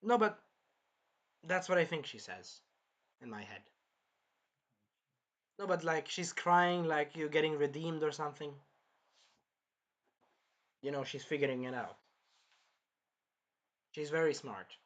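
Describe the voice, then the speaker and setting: A man hosting a casual anime episode review, rambling and sidetracking, often apologizing and clearing his throat. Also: fairly high pitch, expressive, slow pace, pauses often, a bit bright, dull audio. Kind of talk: casual chat recapping an episode.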